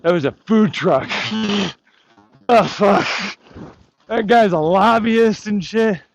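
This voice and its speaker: Out on a hike, a man vlogs a rambling monologue, ranting sarcastically and profanely as though heckling an imaginary crowd. His voice is high-pitched and his pace is slow.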